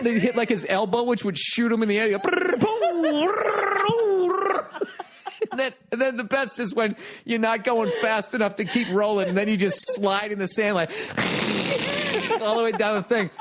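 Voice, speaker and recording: A man with a notably high speaking voice tells a story on a podcast. He laughs through it, swears freely, and acts things out with sound effects. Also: fairly bright tone, a little hiss or hum. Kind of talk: animated storytelling.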